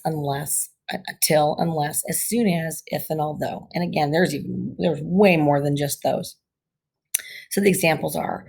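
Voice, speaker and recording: This is a woman teaching a recorded grammar lesson. Her voice sits low and has a breathy, husky edge. She explains step by step and reads example sentences aloud at an unhurried pace. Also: a little mellow.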